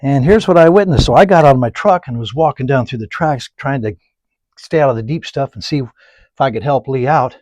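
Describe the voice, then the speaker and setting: A man teaching oil painting, rambling through folksy anecdotes and muttering softly to himself while he paints. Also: mid-range voice, a little fast, dry recording. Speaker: painting instructor. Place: painting studio.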